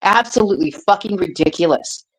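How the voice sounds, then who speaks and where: A woman's voice: medium pitch, fairly quick, rough recording. A woman co-hosting a casual podcast chat, blunt and profane, laughing often. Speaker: podcast co-host.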